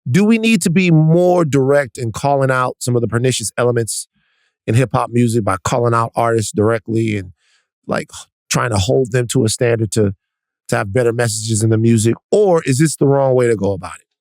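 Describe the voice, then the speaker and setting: A man hosting a casual podcast, setting up clips and posing questions deliberately. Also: medium pitch, darkish tone, no room sound, studio quality. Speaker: podcast host.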